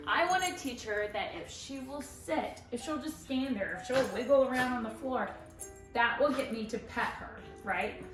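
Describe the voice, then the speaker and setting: At a normal speed, a chatty, upbeat woman trainer explains and demonstrates dog training, raising her voice into high praise for the dog. The sound is roomy and echoey, she's far from the mic, and faint music plays.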